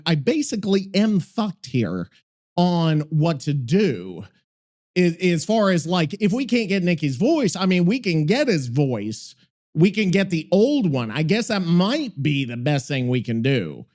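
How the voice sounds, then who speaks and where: A man's voice: high-pitched, a little mellow. A man hosting a podcast in loose, profane, rambling chat, often exasperated and yelping. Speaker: podcast host. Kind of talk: casual chat.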